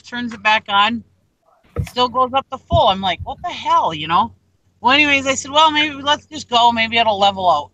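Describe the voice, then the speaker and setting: Bright, forceful chatty woman. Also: medium pitch, low-quality recording. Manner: lively, chatty storytelling, acting out quotes. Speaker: online reseller hosting a livestream. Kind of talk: casual storytelling chat.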